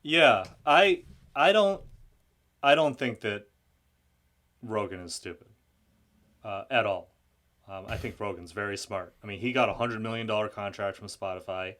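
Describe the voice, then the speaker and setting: Halting low-voiced male guest. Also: lively intonation, a bit bright. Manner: halting, frequent restarts and stammered repeats. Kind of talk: conversational political discussion.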